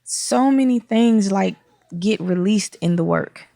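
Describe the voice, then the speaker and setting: A woman's voice: medium pitch, takes it slowly, gravelly, warm tone, dry recording. A woman speaking as a podcast guest in casual, reflective conversation, often searching for words.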